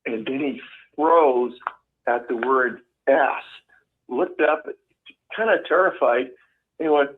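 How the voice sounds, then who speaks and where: A man's voice: medium pitch, slow pace, pauses often, breathy edge. A man calling in and telling a funny memory in a plain, easygoing way over a phone line. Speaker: caller. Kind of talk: casual anecdote.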